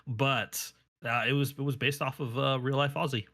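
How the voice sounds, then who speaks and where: A man's voice: mid-range voice, steady tone, moderate pace, crowd noise. A man, co-hosting a casual podcast and telling chatty, playful stories. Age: 30s. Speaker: podcast co-host.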